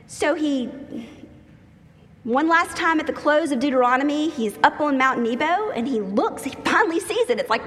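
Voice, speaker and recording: A woman preaching a sermon, telling the story in a lively, humorous way and acting out the people in it. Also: high-pitched, normal speed. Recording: long hall reverb.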